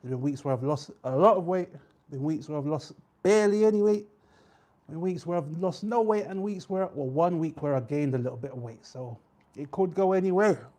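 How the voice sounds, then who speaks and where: A young man hosting a live weigh-in stream, chatting casually with viewers and reading out their names with drawn-out shout-outs. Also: on the high side, expressive. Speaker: livestream host.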